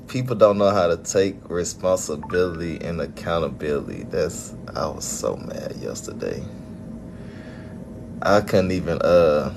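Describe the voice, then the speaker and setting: A man's voice: deep voice, slight background noise. A young man from Alabama with a Southern accent, venting in a casual vlog with frustrated laughs. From Birmingham, Alabama. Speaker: event organizer.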